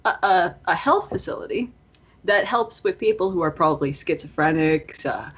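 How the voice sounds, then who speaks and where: A woman in her early twenties talks with a hoarse, raspy voice that sits low for her age. She rambles through a story on a casual podcast, full of fillers and restarts. The audio is a little muffled and lo-fi. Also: animated, moderate pace, a bit bright. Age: early 20s. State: hoarse, strained voice. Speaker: podcast co-host.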